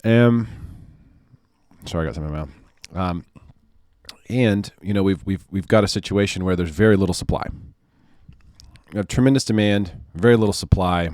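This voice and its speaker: A man, a mortgage loan officer giving casual market commentary in an animated, sarcastic way, repeating phrases for emphasis. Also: low voice, brisk, long pauses, dry recording, studio quality.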